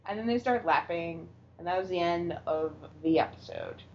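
Animated woman recapping a TV episode. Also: on the low side, moderate pace. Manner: animated, acts out quoted lines, laughs often. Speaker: podcast co-host. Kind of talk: casual TV recap chat. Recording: dull lo-fi sound with faint noise.

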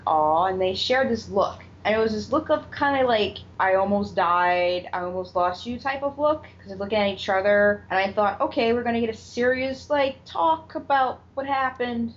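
A woman co-hosting a podcast, animatedly retelling a TV episode in casual chat and acting out the characters' lines. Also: a little high. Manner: animated retelling, acts out quotes, swears. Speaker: podcast co-host. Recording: dull lo-fi audio with faint noise.

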